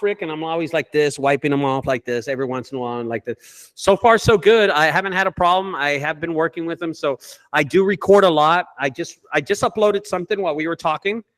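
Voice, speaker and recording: A man who owns a junk removal business, telling stories in a casual group call with lots of swearing and animated delivery. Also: a little high. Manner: profane, animated storyteller.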